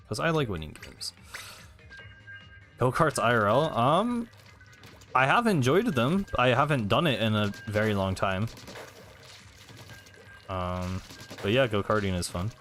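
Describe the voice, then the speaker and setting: A man's voice: mid-range voice, lively intonation, a little slow, pauses often, a bit bright, soft background music. A young man streaming a game, chatting casually and hesitantly, answering chat between plays.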